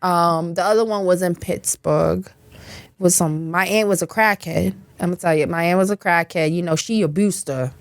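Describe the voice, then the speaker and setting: A woman's voice: lowish voice, normal speed, dry recording. A young adult woman, a podcast guest, telling a story casually with lots of swearing and laughter. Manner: profane, animated, frequent laughter. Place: podcast studio.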